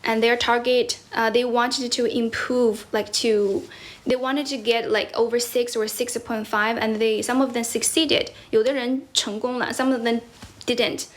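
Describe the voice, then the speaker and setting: A woman with a somewhat high voice talks casually on a livestream. She switches between English and as she speaks. Her delivery is wry and frank, like a tutor talking openly about her work. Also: fairly even intonation, measured pace. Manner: mixes Chinese into English, wry and candid.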